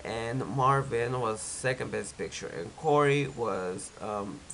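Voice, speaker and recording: A man's voice: mid-range voice, slow pace, gravelly, a bit bright, slight background noise, low-quality recording. A young man with a stuffy nose from a cold, recapping a reality show in a chatty, opinionated way, with lots of "like". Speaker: TV recap vlogger.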